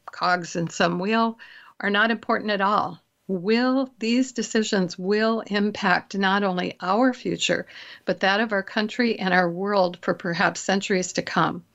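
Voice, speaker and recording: A woman hosting a radio talk show, chatting casually with fillers and slowing down for emphasis. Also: mid-range voice, a bit bright, highs cut off. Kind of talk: casual chat and scripted intro.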